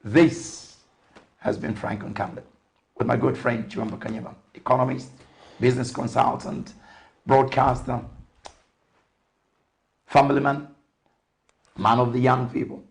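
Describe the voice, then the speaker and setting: An older man from Zambia hosts a television interview show. His voice is gravelly with a rough edge, and he takes his time, padding his questions with fillers. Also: medium pitch, level tone. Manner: unhurried, warm sign-off phrases, frequent fillers. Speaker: TV talk show host.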